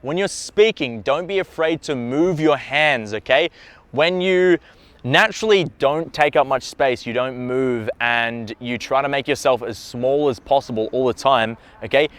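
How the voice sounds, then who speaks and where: A man giving a direct, emphatic lesson as a dating coach, often checking in with a quick "okay?" and swearing now and then. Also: mid-range voice, fairly bright tone, clear, resonant tone, dry recording. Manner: blunt, occasional swearing. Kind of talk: instructional talk to camera.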